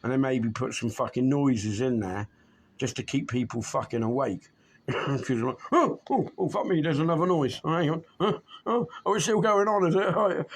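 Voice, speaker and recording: A man's voice: medium pitch, creaky, husky. A man in his late fifties, a DJ, chatting casually in a vlog, swearing freely and rambling with chuckles. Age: 50s.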